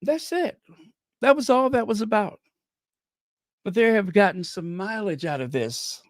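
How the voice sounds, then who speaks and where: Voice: medium pitch, animated, measured pace, no room sound, clean studio sound. A channel host giving chatty, opinionated commentary with laughing asides. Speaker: host of a royal news channel. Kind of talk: casual commentary.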